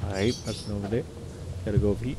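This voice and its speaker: A young man co-hosting a casual gaming commentary, excitable and swearing, bursting into shouts. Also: on the low side, very fast, very noisy. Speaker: gaming channel co-host.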